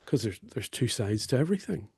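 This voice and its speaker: A middle-aged man with a Northern Irish accent, a guest telling stories in a wry, unhurried way. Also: mid-range voice, big pitch swings, vocal fry, a little mellow, breathy edge, dry recording, studio quality. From North Belfast. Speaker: guest songwriter and storyteller. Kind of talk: conversational storytelling.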